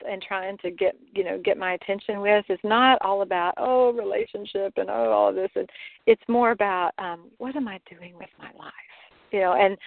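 A woman talking reflectively in a casual conversation, halting and restarting, with light laughs. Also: medium pitch, creaky, dry recording. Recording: tinny phone line.

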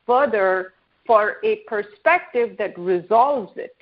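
A woman co-hosting a call-in show, speaking in a thoughtful, measured way. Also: medium pitch, lively intonation, narrow, tinny audio. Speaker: co-host. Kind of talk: reflective talk show.

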